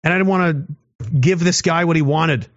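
A man's voice: a little high, brisk, no echo. A man in his thirties telling a war story in a casual, profane, rambling way, mocking himself and reading comments from chat. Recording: dull lo-fi dry sound.

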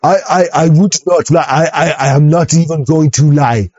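A man voicing a stiff, overly formal young man who speaks slowly and stutters, on dull muffled audio. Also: on the high side, steady tone, darkish tone, no echo, lightly acted. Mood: stilted. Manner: stilted, stuttering, slow.

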